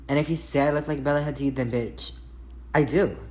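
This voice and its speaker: A man's voice: on the high side, steady tone, fairly quick, rough recording. A man from Hawaii talking casually into his phone for a story vlog, sassy, dramatic and full of swearing. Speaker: social media personality.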